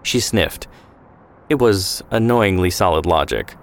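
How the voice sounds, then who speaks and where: Male narrator, very low pitch, calm scripted storytelling. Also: unhurried.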